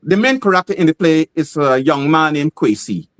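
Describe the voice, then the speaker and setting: A man with a Guyanese accent speaks as a playwright in an interview, telling animated stories. His voice sits notably high for a man. He slips into the voices of the people in his stories as he goes. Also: normal speed, poor audio. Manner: animated, acts out quoted voices. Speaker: playwright guest. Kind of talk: interview storytelling.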